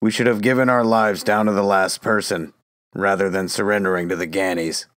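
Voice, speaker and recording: A man's voice: low voice, steady tone, brisk, fairly bright tone, no room sound, clean studio sound. An actor playing a fanatical male psychiatrist who lectures and builds into a ranting tirade, in an audio drama. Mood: probing.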